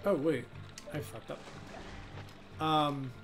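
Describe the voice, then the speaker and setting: A man with a slightly higher voice chats casually while streaming a game, rambling and full of fillers. Faint game music plays behind him. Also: steady tone, takes it slowly. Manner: rambling, heavy use of "like" and "um". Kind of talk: casual live gameplay chat.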